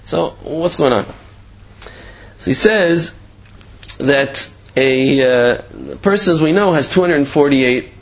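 A man's voice: medium pitch, husky, highs cut off. A man giving an informal Torah class, telling jokes and asking many rhetorical questions, with frequent fillers. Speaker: Torah teacher.

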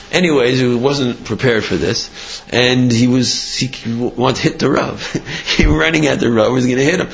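A man telling a story to a class in an animated way, with frequent restarts and acted-out quotes. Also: medium pitch, normal speed, creaky. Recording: muffled lo-fi recording.

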